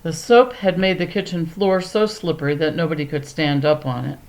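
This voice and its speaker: Low-voiced woman reading a storybook. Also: fairly even intonation, normal speed, a little mellow, poor audio. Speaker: audiobook narrator. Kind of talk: storybook narration.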